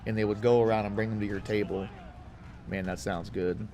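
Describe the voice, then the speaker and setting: A man from Houston giving casual, rambling commentary as he plays a football video game, with excited outbursts and side chatter. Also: fairly low pitch, normal speed. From Houston, Texas. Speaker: gaming YouTuber.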